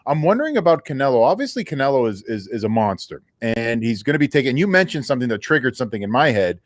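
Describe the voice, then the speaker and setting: Male sports-show co-host, quick and expressive, playful, close dry mic. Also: mid-range voice, no echo. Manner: joking, repeats phrases for laughs. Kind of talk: casual chat.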